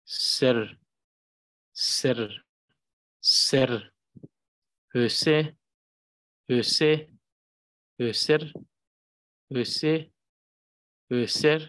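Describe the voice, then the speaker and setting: A man's voice: mid-range voice, a bit bright. A man teaching Tibetan pronunciation, patiently repeating syllables one at a time. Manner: slow and patient, repeats each syllable many times. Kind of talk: pronunciation lesson, reading syllables aloud.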